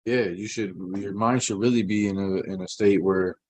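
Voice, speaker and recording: A man co-hosting a discussion, reading rules aloud in a measured way and sometimes stumbling over words. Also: on the low side, fairly even intonation, a little mellow, dry recording. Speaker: co-host.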